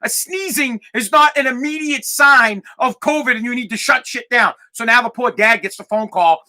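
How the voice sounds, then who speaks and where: A man hosting a podcast, telling a comic story as an animated rant, swearing and acting out other people's voices. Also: very high voice, moderate pace. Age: adult parent of a twelve-year-old. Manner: animated, acts out voices, swears, gets loud when ranting. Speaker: podcast host.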